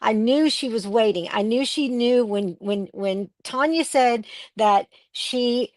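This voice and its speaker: Co-host, woman, slightly high pitch, dry close mic, chatty storyteller with lots of fillers. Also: slow, darkish tone, no room sound. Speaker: co-host of a crafting livestream. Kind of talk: casual livestream chat.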